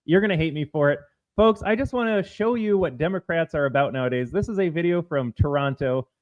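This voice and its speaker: A blunt, opinionated man co-hosts a political talk stream, ranting at length to his viewers. His voice sits a little high. The audio is dull and lo-fi. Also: fairly quick. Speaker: podcast co-host. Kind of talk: political talk show banter.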